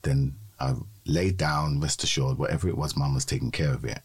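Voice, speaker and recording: A man with a strikingly deep voice and a husky, breathy edge. He co-hosts a podcast, telling his story in a measured, steady way. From London. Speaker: podcast co-host. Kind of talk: personal testimony in a podcast conversation.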